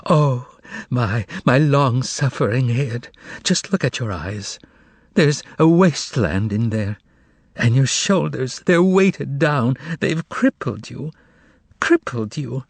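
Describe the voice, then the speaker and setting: A man's voice: mid-range voice, sing-song, moderate pace, dry recording. A man reading aloud, voicing a devoted young woman with an emotional, pleading manner. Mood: tearful.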